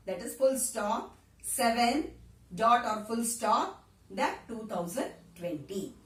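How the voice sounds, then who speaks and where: Woman teaching, echoey and distant. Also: fairly high pitch. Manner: repetitive, checks understanding with frequent "Got it?". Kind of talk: classroom grammar lesson. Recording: echoey room, voice from far off.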